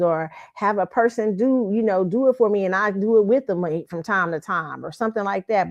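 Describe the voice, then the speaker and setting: A woman host giving a blunt, profane and mocking opinion rant. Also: mid-range voice. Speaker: show host. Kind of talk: ranting opinion commentary. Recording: slightly dull lo-fi audio.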